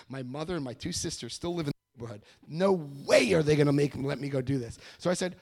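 Middle-aged man with a gravelly voice. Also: on the high side, fairly quick. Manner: rambling, repeats words, animated quoted voices. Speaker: recovery meeting speaker. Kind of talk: personal testimony to a meeting.

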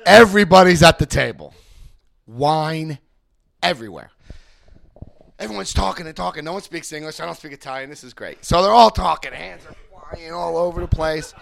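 A man giving personal testimony and leading a recovery step study, telling stories with animated emphasis and repeated phrases. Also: on the high side, normal speed, gravelly, dry recording. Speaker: recovery group speaker.

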